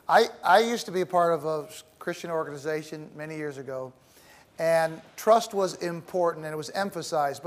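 A middle-aged male teacher gives a classroom lecture in a measured, deliberate way, pausing and occasionally repeating a word. His voice is on the high side.

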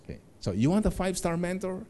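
A man's voice: sits high, sing-song, quick pace, mellow. A middle-aged man giving a motivational seminar talk, telling stories animatedly, laughing along and acting out the voices of the people in them. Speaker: seminar speaker.

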